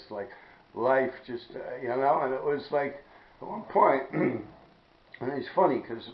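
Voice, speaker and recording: Ny dude rambling and cussing, keeps clearing his throat, gravelly voice. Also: mid-range voice. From New York City. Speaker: vlogger telling a personal story. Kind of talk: rambling personal storytelling. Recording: dull, echoey room recording.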